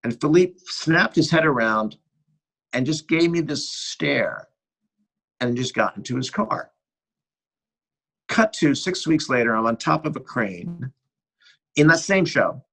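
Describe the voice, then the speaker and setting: Husky-voiced American man telling stories. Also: on the high side, measured pace, long pauses, rough recording. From United States. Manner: animated anecdotal storyteller who acts out dialogue. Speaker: guest cinematographer. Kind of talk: casual interview storytelling.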